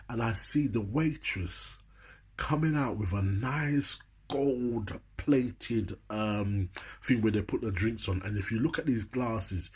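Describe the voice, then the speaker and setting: A man with a Jamaican accent tells a comic story from his life, laughing often between lines. His voice sits low and is very husky. He keeps turning to the listener to check that they are following. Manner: chatty, laughs often, keeps asking "you know what I'm saying".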